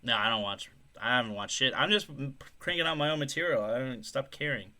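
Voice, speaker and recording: A man's voice: lively intonation, quick pace. A man co-hosting a casual podcast, swearing freely and joking with his co-host. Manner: profane, jokey, slips into loud high mock voices.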